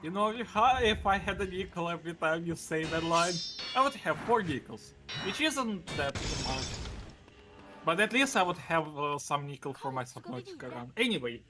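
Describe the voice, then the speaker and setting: Man, co-commentator, casual speedrun commentary, high voice, swears and laughs, music in background. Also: expressive, normal speed, bright, forceful tone. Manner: whiny, laughing, swears a lot.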